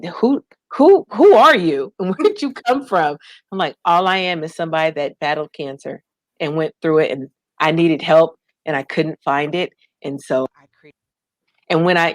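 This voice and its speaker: A woman with a somewhat low voice tells her story in an interview. She is animated and acts out the voices she quotes. The sound is dry and close. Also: no room sound. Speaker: guest, nonprofit founder.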